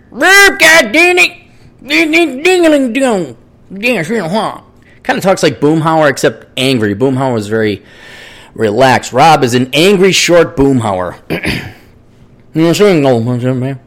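A man rambling through a solo podcast monologue, profane and sarcastic, jumping from thought to thought. His voice sits at an ordinary middle pitch for a man, recorded close on a podcast microphone. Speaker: podcast host.

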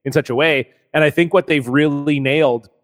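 A man in casual conversation who talks in a relaxed way and explains his views at length. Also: on the high side, fairly quick. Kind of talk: casual chat.

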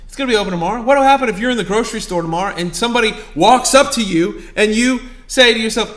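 A man with a high voice preaches a sermon at a conference. He talks like he is chatting with the congregation, dropping quiet for stories and then rising to loud, urgent appeals. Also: rapid-fire, hardly any pauses. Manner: conversational, swings from quiet storytelling to loud exhortation.

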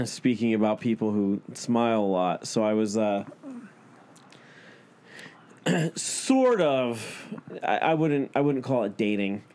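A man's voice: medium pitch, expressive, takes it slowly, a little mellow. A man hosting a podcast, telling a story in casual chat, swearing a lot, laughing, and acting out what he and others said. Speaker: podcast host.

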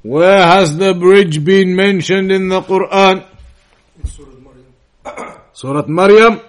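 A man giving an Islamic lesson, repeating key phrases and putting questions to the listeners. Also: high-pitched. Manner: recites Arabic quickly and quietly between English explanation. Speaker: Islamic teacher. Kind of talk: slow, deliberate religious lesson.

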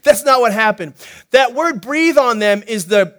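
Animated high-voiced male pastor. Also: a little slow. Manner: animated, playful preaching with jokes and acted-out quotes; asks the congregation questions. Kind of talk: sermon.

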